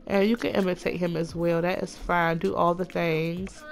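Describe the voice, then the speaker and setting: A woman's voice: mid-range voice, soft background music. Gushing woman narrating her Sims game. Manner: chatty, gushing, voices her Sims in quick asides. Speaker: Sims let's play narrator. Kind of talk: casual gameplay commentary.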